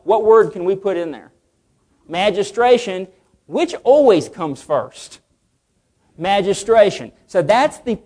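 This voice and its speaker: A man teaching a class on legal cases, often putting questions to the room and answering them himself. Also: high voice. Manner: animated, asks the class questions. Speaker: legal instructor. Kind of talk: lecture to a class.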